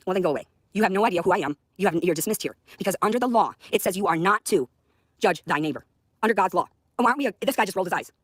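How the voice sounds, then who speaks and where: A woman's voice: medium pitch, animated, rapid-fire, no echo. A woman in her thirties from the United States, livestreaming in an agitated, profane and accusatory manner. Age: 30s. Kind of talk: confrontational livestream rant.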